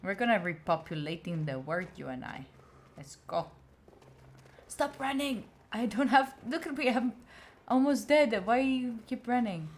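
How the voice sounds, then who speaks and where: Lively young Italian woman streaming a game. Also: medium pitch, normal speed. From Italy. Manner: chatty, talks to the game characters, excitable. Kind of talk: casual gaming stream commentary.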